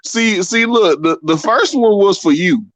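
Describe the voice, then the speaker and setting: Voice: medium pitch, expressive, a little slow, dry recording. A co-host DJ on a live stream who keeps breaking into helpless laughter while chatting.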